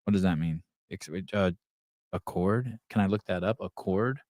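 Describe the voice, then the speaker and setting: A man hosting a live podcast, chatting casually and reading the chat aloud, rambling and swearing as he thinks out loud. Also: low voice, moderate pace, no room sound, clean studio sound.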